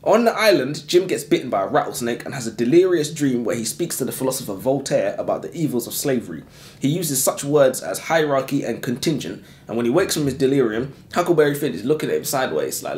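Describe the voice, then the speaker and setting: Lively young man in an echoey room. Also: mid-range voice, quick pace. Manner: animated, laughs often, slangy. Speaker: book podcast co-host. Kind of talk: casual book discussion.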